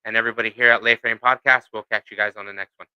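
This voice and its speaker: A man's voice: lowish voice, steady tone, racing, clear, resonant tone, lo-fi sound. A man hosting a podcast in loose, casual chat, swearing and laughing through a story. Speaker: podcast host.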